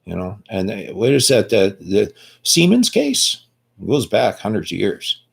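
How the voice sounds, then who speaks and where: A man's voice: fairly low pitch, huge pitch swings, unhurried, creaky, breathy edge. A man in his sixties from Canada, talking bluntly and profanely in a rambling casual monologue.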